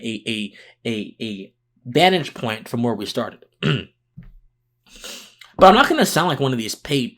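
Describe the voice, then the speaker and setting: A man's voice: medium pitch, fairly bright tone. Tired, earnest male podcast host. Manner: earnest and impassioned, unscripted with restarts. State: mentally tired, talking slower than usual. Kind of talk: political commentary monologue.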